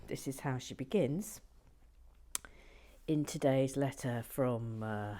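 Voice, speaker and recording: A British woman chatting playfully in a soft, often half-whispered voice as she builds in a chilly garden shed. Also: a bass voice, sing-song, slow, long pauses. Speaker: video host building toy bricks. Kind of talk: relaxed build-along chat.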